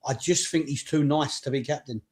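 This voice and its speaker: A man's voice: fairly high pitch, a little fast, darkish tone. A man from England co-hosting a football podcast, blunt and joking, swearing casually. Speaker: podcast co-host.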